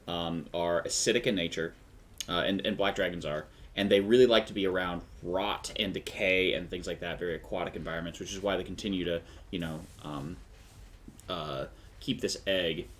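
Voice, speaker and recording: A man with a very low voice running a tabletop game for his players. He narrates loosely, full of fillers and restarts, and breaks into laughs often. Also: fairly bright tone. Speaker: game master.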